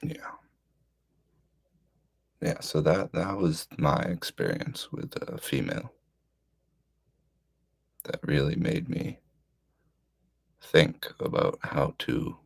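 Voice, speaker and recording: Casual rambling host, very deep and slow, husky, lots of filler words. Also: male voice, wildly swooping pitch, no echo. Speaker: podcast host.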